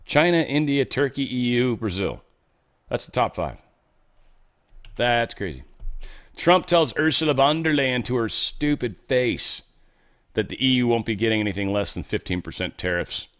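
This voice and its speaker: A man's voice: medium pitch, lively intonation, normal speed, fairly bright tone. A man hosting a casual news commentary show, reading headlines with sarcastic, offhand asides. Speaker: host.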